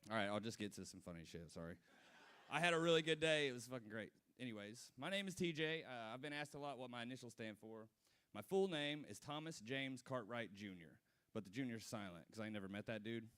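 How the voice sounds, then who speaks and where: A man's voice: mid-range voice, lively intonation, fairly quick, fairly bright tone, clear, resonant tone. A man in his twenties doing a stand-up set at a brewery, telling loose, profane stories with asides to the crowd. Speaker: stand-up comedian. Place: brewery comedy stage.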